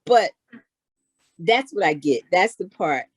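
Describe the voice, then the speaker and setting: A middle-aged woman chatting casually as an interview guest, telling animated stories. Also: fairly low pitch, takes it slowly, breathy edge, no room sound. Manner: animated, acts out others in her stories. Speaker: guest, knitwear maker. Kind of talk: casual storytelling chat.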